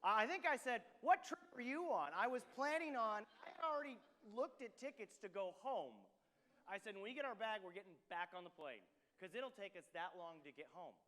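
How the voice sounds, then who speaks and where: A man preaching a sermon as pastor, telling a story in an animated way and acting out the dialogue. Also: sits high, brisk, in a large hall. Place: church sanctuary.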